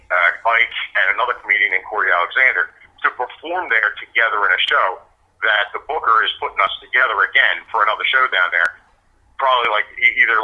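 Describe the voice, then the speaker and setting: Husky man in his forties, comedian guest, rambling and quick, low voice, muffled lo-fi sound. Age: 40s. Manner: rambling, loose with fillers. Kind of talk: casual interview. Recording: dull lo-fi recording.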